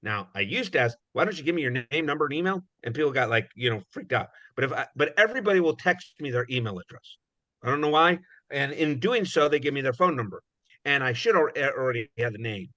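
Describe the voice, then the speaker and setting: Speaking fast and with animation, this man has a mid-range voice that sounds pushed and bright. He's a guest speaker on recruiting, giving a conversational, rambling presentation full of "you know" and little acted-out exchanges. There's no echo, though the recording sounds dull and muffled.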